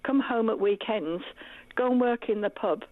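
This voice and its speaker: A middle-aged woman calls into a radio phone-in and chats calmly about her family. Her voice comes over a tinny, narrow phone line, dry with no room at all. Her pitch sits at an ordinary middle height. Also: moderate pace, dry recording. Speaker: caller. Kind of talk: phone-in call.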